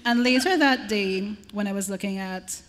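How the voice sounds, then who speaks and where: A woman's voice: medium pitch, moderate pace. Woman chairing a literary panel.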